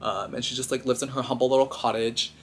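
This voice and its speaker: A man chatting casually as a vlogger, recapping a film in an animated, filler-heavy way. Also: mid-range voice, quick pace, slight background noise.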